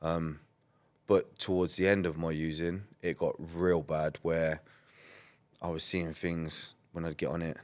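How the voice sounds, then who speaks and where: A very low-pitched man tells his story as a podcast guest. He talks in a loose, rambling way, peppered with "like", "um" and the odd swear. His delivery is candid and conversational. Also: little pitch movement, a little slow. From England. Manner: rambling, many "like" and "um" fillers, blunt and swearing.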